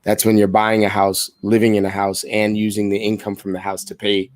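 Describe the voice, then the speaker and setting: Upbeat low-voiced man on sales calls. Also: monotone, a little fast, a little mellow, dry recording. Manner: casual, upbeat, repeats words and restarts. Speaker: sales trainer making live calls. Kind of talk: live phone calls with coaching asides.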